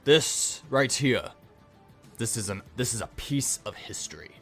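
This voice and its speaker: A boisterous giant of a male goliath armorer, as a game master puts him on, booming and jovial. His voice is loud and hearty with a cheerful lift, with soft music behind. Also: lively intonation, unhurried. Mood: admiring.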